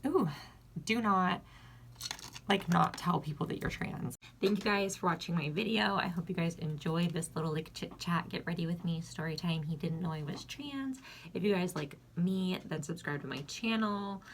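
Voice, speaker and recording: A woman's voice: on the low side, normal speed, slight background noise. A young woman telling a frank, casual storytime vlog, talking bluntly and filling her sentences with "like". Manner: chatty, filler-heavy with constant "like". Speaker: vlogger. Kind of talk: casual get-ready-with-me storytime.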